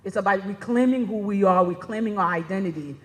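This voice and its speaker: Speaking fairly quickly in a medium-pitched voice, a woman delivers a conference presentation in a reverberant hall. The talk is chatty and conversational, dotted with frequent "right?" check-ins.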